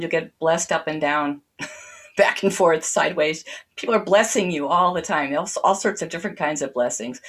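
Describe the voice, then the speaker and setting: A woman reading lyrical prose and then talking casually and enthusiastically about Celtic spirituality. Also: fairly low pitch. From United States. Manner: unhurried, enthusiastic and storytelling.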